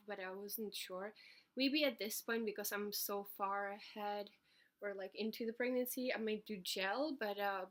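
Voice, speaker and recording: Breathless woman giving a halting home update. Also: medium pitch. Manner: halting, many fillers and restarts. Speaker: vlogger. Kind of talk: casual video update. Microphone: computer webcam.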